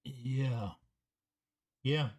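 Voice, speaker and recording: A man running a tabletop game as game master, hesitant and filling pauses with ums and okays. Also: medium pitch, darkish tone, husky, no echo, clean studio sound.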